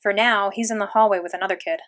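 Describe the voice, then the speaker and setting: A woman reads a children's novel aloud in the first person, steady and plain. Her voice sits mid-range and unhurried. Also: mid-range voice. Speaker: audiobook reader. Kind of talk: first-person storybook narration.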